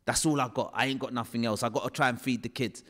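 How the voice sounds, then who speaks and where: A man's voice: mid-range voice, steady tone, fast, a bit bright, voice pushed down, close to an everyday voice. A man telling a story and voicing his struggling mother, tired and pleading, in a reverberant hall. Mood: weary, resigned.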